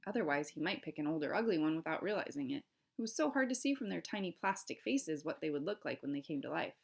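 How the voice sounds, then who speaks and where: A woman's voice: deep voice, fast, gravelly. A woman teacher reading a novel aloud to her class, with short explaining asides. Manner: steady storytelling with classroom asides.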